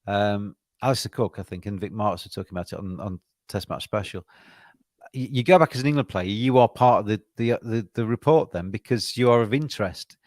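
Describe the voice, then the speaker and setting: A man's voice: fairly low pitch, fairly quick, a little mellow, no room sound, clean studio sound. A man co-hosting a podcast, talking cricket in an earnest, rambling way with frequent restarts. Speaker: podcast co-host. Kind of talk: casual cricket chat.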